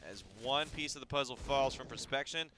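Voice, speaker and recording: A man calling live esports play-by-play, excitable and quick, with jokey asides. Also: medium pitch, background noise.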